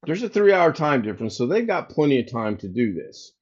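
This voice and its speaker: Broadcasting casually from home, a U.S. livestream host spins a story for his chat, voicing both people on a phone call. He talks a little fast in a medium-pitched, breathy voice with big pitch swings, over slightly dull lo-fi audio.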